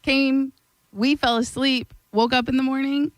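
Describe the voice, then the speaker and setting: A woman, a regular on a radio show, telling stories in an animated way with quick asides. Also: high-pitched, no echo. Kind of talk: casual radio banter. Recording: dry.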